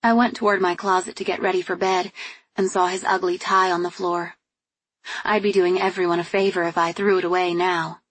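A woman narrating a first-person novel as an audiobook, with an even, expressive reading. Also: on the low side, a little fast, slightly rough, dry recording.

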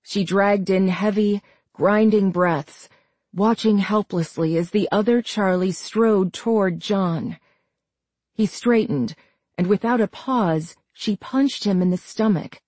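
Woman reading an audiobook real slow, steady and tense, dry close sound. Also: medium pitch, no echo. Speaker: narrator. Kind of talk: scripted audiobook narration.

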